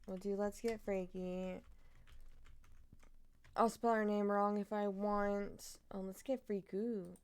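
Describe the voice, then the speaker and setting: Slow-talking playful woman streamer. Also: medium pitch, level tone, darkish tone, clean tone. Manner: profane, jokey, playful. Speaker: streamer and podcast co-host. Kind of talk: casual chat.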